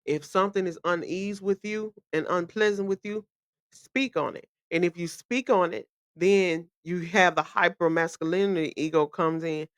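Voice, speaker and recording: A woman's voice: on the low side, normal speed, clear, resonant tone, no room sound, studio quality. A woman, hosting a podcast and giving blunt, emphatic advice in a casual monologue. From Memphis, USA. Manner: blunt, emphatic, repeats key phrases. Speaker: podcast host.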